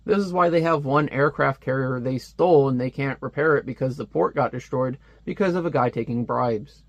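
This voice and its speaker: A man giving a casual, animated comic book review, ranting and laughing as he goes. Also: medium pitch, fairly quick, no room sound, highs cut off.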